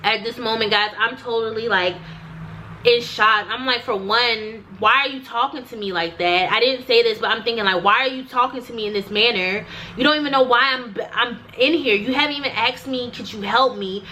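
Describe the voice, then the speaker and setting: A woman's voice: on the high side, brisk, bright, forceful tone, a little hiss or hum, poor audio. A young woman vlogger recounting a personal story to the camera, emphatic and repetitive, talking straight to her viewers.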